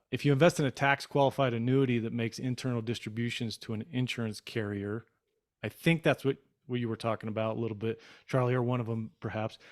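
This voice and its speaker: Upbeat male podcast co-host. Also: medium pitch. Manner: upbeat, reads quotes slowly and deliberately. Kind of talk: casual podcast chat and scripted sign-off.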